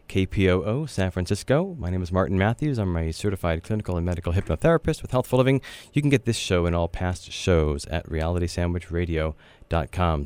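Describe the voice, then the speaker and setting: A man's voice: low voice, a little mellow, clear, resonant tone, no echo. A man hosting a spiritual radio talk show, speaking in a meandering, earnest way with many fillers. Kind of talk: casual spiritual radio chat.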